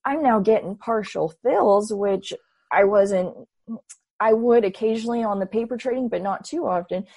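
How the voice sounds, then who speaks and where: A woman's voice: medium pitch, normal speed, slightly rough, dry recording. Young woman telling a story, dry sound. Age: 20s. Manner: animated, acts out her own past thoughts. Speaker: interview guest. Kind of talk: casual storytelling.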